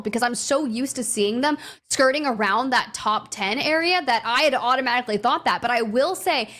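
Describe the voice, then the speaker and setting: A woman's voice: a little high, a bit bright. A woman co-casting a live esports broadcast, talking through the standings in a conversational, playful way. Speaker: esports caster.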